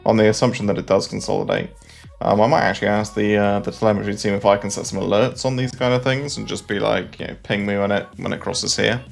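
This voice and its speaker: A man's voice: lowish voice, fairly even intonation, quick pace, creaky, soft background music. A man chatting casually on a livestream about trading, rambling with plenty of fillers and restarts.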